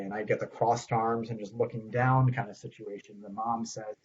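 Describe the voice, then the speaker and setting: Male clinician-teacher, relaxed conversational delivery, acts out examples, lo-fi audio. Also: mid-range voice, normal speed, hardly any pauses. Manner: conversational, acts out what he says to parents and kids. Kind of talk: recorded training talk.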